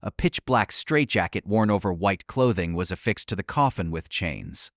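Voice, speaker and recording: A man narrating an audiobook in an expressive, dramatic storytelling manner. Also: sits low, normal speed, no room sound, studio quality.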